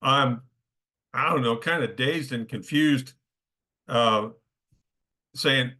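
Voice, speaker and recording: Conversational male preacher, bright voice. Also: medium pitch, slow pace, long pauses. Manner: conversational, keeps checking in with "okay?". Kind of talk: sermon.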